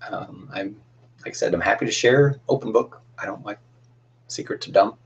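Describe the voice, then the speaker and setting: Low gravelly-voiced man rambling on a stream. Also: normal speed, dull audio. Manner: rambling, friendly, many fillers and restarts. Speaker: cosplay livestream host. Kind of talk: casual livestream chat.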